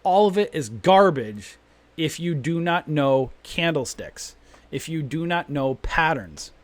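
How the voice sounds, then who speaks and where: A man's voice: on the high side, lively intonation, takes it slowly, dry recording. Emphatic ranting male stream host. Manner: emphatic, ranting, repeats his points. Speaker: trading room host. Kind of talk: live stream trading talk.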